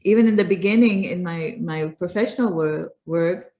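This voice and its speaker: A woman's voice: lowish voice, normal speed, warm tone, muffled recording. A middle-aged woman with an American accent tinged with Pakistani, telling stories as an interview guest in a casual, chatty way full of fillers and restarts. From United States. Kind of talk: casual conversational storytelling.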